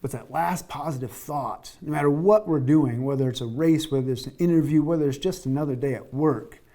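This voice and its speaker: A man's voice: on the high side, a little fast, warm tone. A man giving a conversational sermon, often repeating words as he restarts and acting out the quotes he tells. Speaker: preacher.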